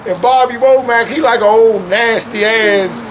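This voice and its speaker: Here a young man, a guest, talks in a very high-pitched voice at a measured pace over a slight hiss or hum. It's a casual, lively chat at home with his dogs, full of slang and constant "man"s.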